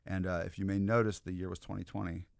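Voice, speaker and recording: His voice sits low and level, gravelly and a little mellow, and he talks fast: a Southern comedian and history professor guesting on a podcast, rambling through casual stories peppered with "like" and "you know." The recording has no echo.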